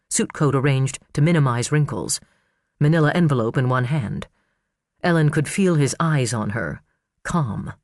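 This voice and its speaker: A man narrating an audiobook thriller in an expressive, dramatic storytelling manner. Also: fairly high pitch, no room sound, clean studio sound. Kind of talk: scripted narration.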